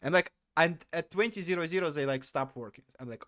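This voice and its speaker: A man's voice: a little high, fairly quick, a bit bright, no room sound, studio quality. A man telling a story casually on a live stream, rambling and correcting himself as he goes, often laughing at himself.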